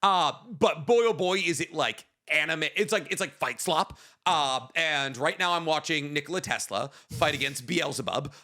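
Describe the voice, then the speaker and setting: A man's voice: on the high side, moderate pace, few pauses, sharp tone. A man co-hosting a podcast, chatting casually and trading jokes in banter. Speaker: podcast co-host. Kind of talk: casual chat.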